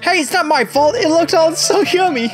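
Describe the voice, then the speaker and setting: A streamer voicing a young, excitable tsundere farm girl while reading game dialogue, in a high, loud, whiny voice. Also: normal speed, music in the background. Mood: defensive.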